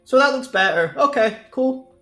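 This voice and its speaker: A man's voice: very high-pitched, expressive, moderate pace, sharp tone, soft background music. A young man chatting casually with his stream viewers, rambling and laughing often. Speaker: live streamer.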